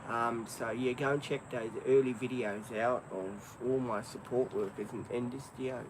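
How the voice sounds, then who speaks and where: A man's voice: medium pitch, steady tone, normal speed, noisy background. An Australian man hosting a live stream, chatting in an easygoing, rambling way with many ums. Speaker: livestream host. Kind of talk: casual live stream chat.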